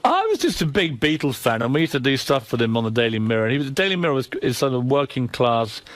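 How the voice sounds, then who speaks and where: A man's voice: mid-range voice, sing-song, no echo. A middle-aged man, a former newspaper editor telling blunt, mocking stories as a guest in an interview. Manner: gossipy, blunt and mocking, with quick asides. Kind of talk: candid anecdote telling in an interview.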